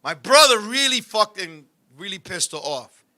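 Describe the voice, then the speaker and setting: Very high, bright-voiced man telling stories. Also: moderate pace. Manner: animated, profane storyteller, often shouting. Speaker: show host. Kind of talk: comedic storytelling chat.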